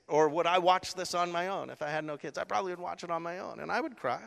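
A middle-aged man telling his conversion story in a sermon, emotional and animated, acting out his own gasps and words. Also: high-pitched, quick pace, gravelly, hardly any pauses. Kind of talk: sermon testimony. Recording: long hall reverb.

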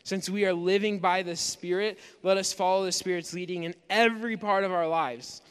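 Male pastor, high smooth voice, chatty sermon delivery, echoing church hall. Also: steady tone, normal speed. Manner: conversational preaching with frequent fillers, acting out inner voices. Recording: long reverb of a large room.

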